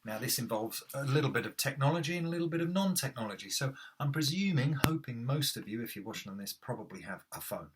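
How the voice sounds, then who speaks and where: A middle-aged man coaching actors in a relaxed, chatty way, with a husky voice and plenty of ums. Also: medium pitch, quick pace, hardly any pauses, background noise. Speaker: acting coach. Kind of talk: casual instructional talk to camera.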